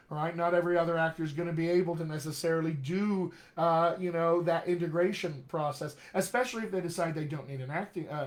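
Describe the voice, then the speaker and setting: Man, dialect coach, slightly raised pitch, direct, encouraging, live-stream talk to actors. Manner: direct, encouraging, repeats points with "all right?".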